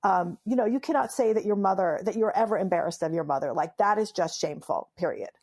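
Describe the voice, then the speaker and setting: She talks fast in a medium-pitched, slightly mellow voice. A memoirist and humorist from Iran whose native language is Farsi, she tells stories in an animated interview, emphatic and playful and often laughing.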